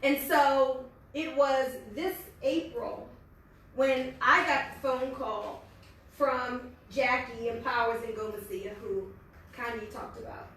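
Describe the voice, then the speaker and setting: A middle-aged American woman speaks with a high, bright voice and earnest, quick delivery. She is heard from a distance in a large hall that wraps her words in a strong echo. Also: fairly even intonation, a little hiss or hum. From United States. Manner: fast-talking, earnest and faith-filled. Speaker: network marketing leader and speaker. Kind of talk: motivational speech. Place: large echoey meeting hall. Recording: echoey hall from far off.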